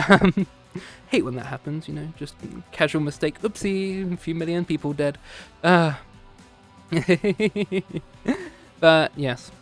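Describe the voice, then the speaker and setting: A man's voice: a little high, slow, a bit bright, faint music behind. A British man streaming a casual history lesson, rambling, digressing and correcting himself with small laughs. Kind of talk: casual off-the-cuff history lecture. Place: home streaming setup, VR chat session.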